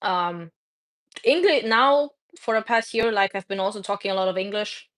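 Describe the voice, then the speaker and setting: A woman's voice: mid-range voice, lively intonation, moderate pace, fairly bright tone. A woman streamer chatting casually to her viewers, a native Russian speaker who rambles, restarts words and laughs often. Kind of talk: casual chat.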